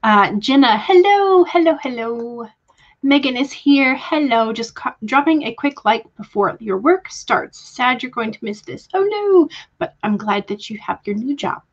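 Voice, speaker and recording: A woman's voice: fairly high pitch, moderate pace, hardly any pauses, a bit bright, dull audio. Chatty Southern woman streaming. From Georgia, US. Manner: chatty, greets viewers by name, laughs often. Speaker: livestream host. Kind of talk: casual livestream chat.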